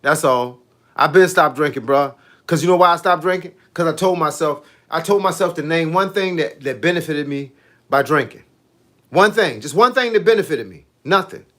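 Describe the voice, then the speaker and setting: A man's voice: a little high, normal speed. A man, chatting casually on a livestream as a fitness coach, telling stories and reacting to viewer comments. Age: 50s. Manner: animated, storytelling, reading out viewer comments.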